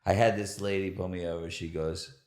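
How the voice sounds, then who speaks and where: A man's voice: low-pitched, fairly even intonation, brisk, darkish tone. A man hosting a podcast in casual chat, playful and teasing with his guest. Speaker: podcast host.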